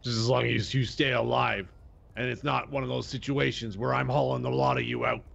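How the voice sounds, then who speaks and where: Gravelly man with dry teasing, lo-fi. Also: medium pitch, little pitch movement, a little fast, a bit bright. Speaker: gamer on a playthrough show. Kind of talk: casual gaming chat.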